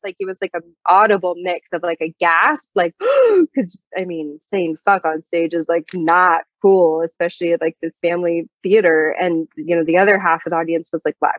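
A young woman, a guest singer-songwriter, tells a story in a casual interview, chatty and full of fillers. Her voice sits in the mid-range, and the lo-fi recording is dull and dry with no room sound.

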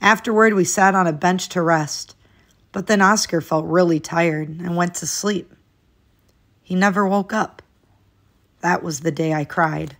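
A woman's voice: on the low side, a little slow, pauses often, fairly bright tone. A woman reading a children's picture book aloud, lifting her voice expressively as each new day in the story begins.

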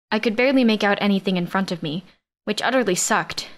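A woman narrating a science-fiction romance audiobook in first person, in a medium-pitched voice. Her reading is steady and even, carrying the action without fuss. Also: fast talker.

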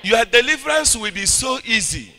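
This fervent sermon comes from a man with a Nigerian accent whose pitch swings widely at a moderate pace. He shifts from shouting to low, intense speech and calls on listeners to respond.

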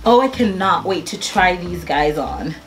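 A young woman chatting through a haul unboxing, gushing and exclaiming with excitement. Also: fairly low pitch, a little slow, slight background noise. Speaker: haul vlogger. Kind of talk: casual unboxing chat.

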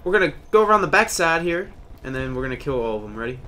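A man hosting his own gaming channel, giving live gameplay commentary with an excitable manner, loud outbursts and goofy banter. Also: on the high side, fast. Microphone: webcam or desk mic.

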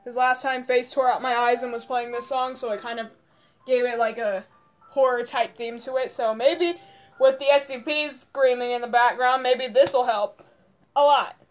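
A young woman commenting on her gameplay, panicking and yelling, her voice strained hoarse from screaming. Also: fairly high pitch, steady tone, moderate pace, soft background music. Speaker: gamer.

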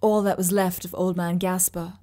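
A woman narrating a short story aloud in a steady, vivid reading. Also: fairly low pitch, moderate pace. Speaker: reader. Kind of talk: audiobook narration.

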